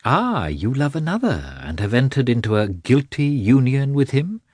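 An anguished young noblewoman answers with light, cutting irony, as a man puts her on. Her voice climbs and falls in wide, restless arcs, grainy and husky at the edges. It sits close and dry, as in a small, dead reading booth. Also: mid-range voice, big pitch swings, moderate pace, no room sound, voice pushed up. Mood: ironic. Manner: sharp, mocking irony.

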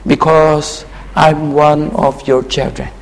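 A man's voice: a little high, flat delivery, slow. A man with an Indonesian accent preaching a sermon, emphatic and repeating his phrases. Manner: emphatic, repeats phrases, non-native grammar. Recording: long reverb hall.

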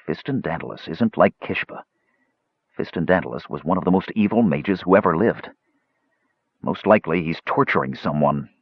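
A man's voice: low-pitched, expressive, normal speed, breathy edge, no echo, lo-fi sound, exaggerated voice. A man voicing a bold young half-elf hero in an audiobook, speaking in an earnest, defiant way. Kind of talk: audiobook character voice.

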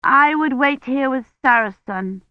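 A woman voicing a small, stubborn medieval girl who speaks in a high, earnest, old-fashioned way. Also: measured pace, no echo. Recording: dull dry audiobook recording.

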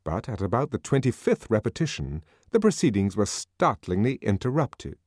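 Low-ish guy reading an audiobook, very animated, dry close sound. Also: moderate pace, no room sound. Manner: expressive, dramatic reading. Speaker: audiobook narrator. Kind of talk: scripted audiobook narration.

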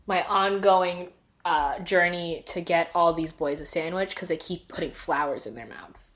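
A woman's voice: on the low side, normal speed, fairly bright tone. A woman co-hosting a podcast in casual chat, talkative and giggly, with lots of fillers. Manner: chatty and giggly, with many fillers. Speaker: podcast co-host.

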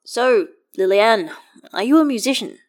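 A woman's voice: fairly high pitch, lively intonation, a little slow, pitched above the performer's own voice. A woman voicing a tired, politely exasperated wizard man with a dry wit, reading fan fiction aloud. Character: weary, polite, dryly witty wizard man.

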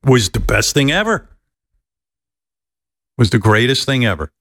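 A man telling a long personal story, animated and a bit profane, acting out the people he quotes. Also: mid-range voice, measured pace, no echo. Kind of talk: casual storytelling.

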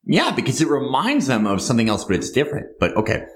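A man reading his own screenplay aloud in a comedy bit, halting and rambling when he is interrupted. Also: mid-range voice, wildly swooping pitch.

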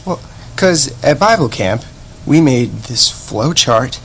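A man's voice: medium pitch, expressive, takes it slowly, a bit bright, a little hiss or hum. A man playing a naive, earnest churchgoing young man who rambles defensively in a comedic fan sketch.

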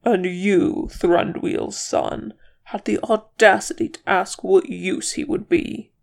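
A proud male dwarf king with a dry, smug wit, as a reader voices him. He speaks slowly, his voice heavily gravelly, in a storybook reading. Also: medium pitch, fairly even intonation.

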